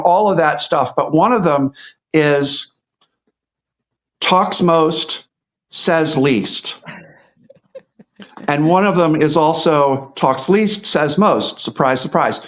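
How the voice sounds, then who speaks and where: Speaking slowly in a fairly high voice, a middle-aged guest commentator chats casually. His talk rambles, full of restarts and repeated words.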